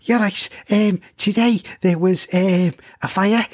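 A man putting on a halting Scouse newsreader. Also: sits high, fairly even intonation, no echo, voice pushed up. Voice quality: halting, filler-heavy delivery. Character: male TV newsreader with a Liverpool accent.

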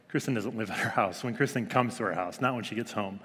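A man's voice: fairly low pitch, a little fast, few pauses, a bit bright. A man in his thirties giving a casual devotional talk to a small group, chatty and full of fillers. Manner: chatty, many fillers, mimics his toddler's voice. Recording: long hall reverb.

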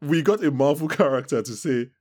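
A man's voice: on the high side, expressive, fairly quick, a little mellow, breathy edge. A man hosting a podcast, chatting casually and animatedly, laughing often and restarting his sentences. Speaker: podcast host. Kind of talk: casual chat.

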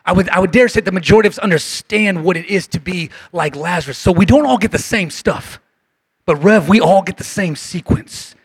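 In a church sanctuary, a male pastor delivers a passionate sermon to his congregation, calling for responses and swinging between shouts and hushed lines as his voice goes hoarse. His voice is high and brisk, with no room sound.

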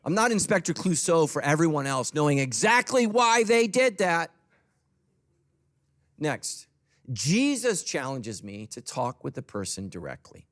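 A man's voice: on the high side, very animated, a little slow, a bit bright. A middle-aged man preaching a sermon as a pastor, humorous and conversational.

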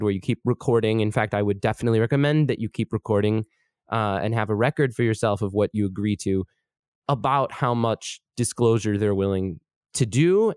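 A man's voice: mid-range voice, darkish tone, no echo, studio quality. A man, a podcast producer, giving casual advice in a conversational way, rephrasing and restarting as he goes.

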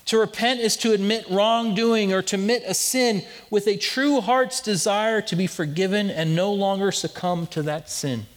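A man in his thirties preaching a sermon in a church sanctuary. His voice sits a bit high, and he tells stories earnestly, often restarting his phrases. A long reverb trails off the hall around him. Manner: earnest storytelling with repeated restarts. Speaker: pastor.

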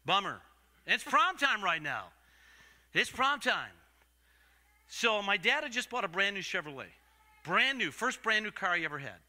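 An older man preaching a storytelling sermon, swinging from loud acted-out voices to hushed asides. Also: high-pitched, sing-song, normal speed, pauses often. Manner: dramatic swings from loud to whispered.

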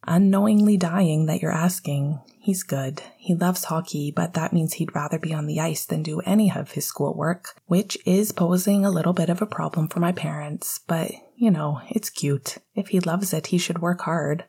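A woman voicing a gentle, caring young man with a soft, reassuring manner in a whispered role-play. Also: lowish voice, moderate pace, hardly any pauses, breathy edge.

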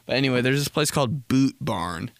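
A young man hosting a casual solo comedy podcast, rambling and swearing through stories with quick impressions. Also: medium pitch, animated, vocal fry, no room sound, studio quality. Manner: rambling, profane storytelling with impressions. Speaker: podcast host.

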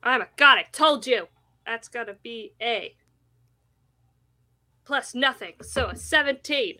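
A woman playing a tabletop game, speaking slowly and deliberately. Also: a little high, animated, bright, forceful tone. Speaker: player.

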